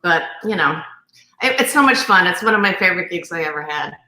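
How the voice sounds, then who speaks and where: A woman guest on a video stream, chatty and quick to laugh. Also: on the low side, animated, pushed and bright, roomy sound, low-quality recording. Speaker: guest actor. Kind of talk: casual chat on a video stream.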